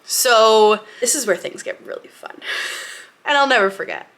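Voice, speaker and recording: A woman's voice: on the high side, a little slow, fairly bright tone. A young woman vlogger telling a personal story to camera in a chatty, candid way, laughing often and acting out what people said. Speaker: lifestyle vlogger.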